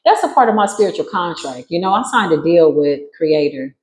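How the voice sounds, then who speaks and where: A woman giving a spiritual reading in a casual monologue, brash and sassy, swearing freely and jumping into sudden high squeals. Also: animated, a little fast, a little mellow, reverberant, a little hiss or hum, poor audio. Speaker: spiritual reader.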